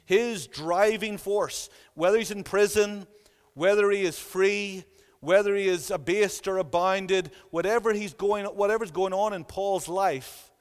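Emphatic high-voiced man preaching in a hall. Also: unhurried. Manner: earnest, emphatic, repeats phrases for weight. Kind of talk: sermon. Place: church.

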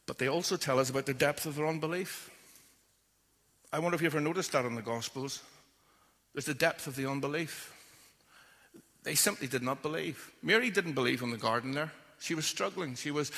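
A man preaches a sermon in a long-reverb hall. His voice is bright and forceful. He tells the story with drama and acts out what its people say. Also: brisk, gravelly. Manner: storytelling, acts out quoted voices with rising pitch.

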